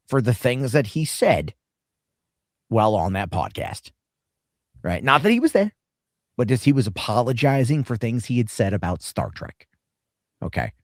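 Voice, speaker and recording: A man hosting a casual reaction show rambles sarcastically, swearing freely. His pitch swings widely as he talks. The sound is close and dry. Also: no echo. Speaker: reaction streamer host.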